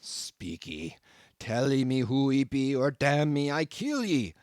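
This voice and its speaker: A man's voice: mid-range voice, sing-song, slow pace, a little mellow, clear, resonant tone, dry recording, studio quality. A man voicing a fierce tattooed harpooneer who growls in broken pidgin English, in an audiobook. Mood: menacing.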